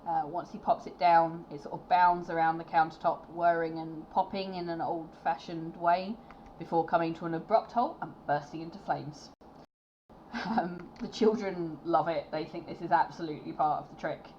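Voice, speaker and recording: A woman running a tabletop game, narrating scenes in a relaxed, hesitant way with many fillers. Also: lowish voice, normal speed, slight background noise. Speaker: game master. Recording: dull lo-fi recording.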